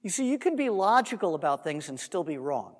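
High-voiced man teaching in a reverberant hall. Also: fairly quick. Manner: animated storytelling, acts out quotes; undogmatic, conversational asides. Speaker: Messianic teacher. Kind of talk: Bible teaching sermon.

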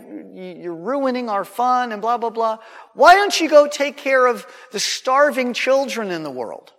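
A man's voice: very high-pitched, a bit bright, voice pushed up, exaggerated voice. A man putting on a ranting young heckler. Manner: ranting, raised voice. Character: angry young male street heckler, scornful. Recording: long hall reverb.

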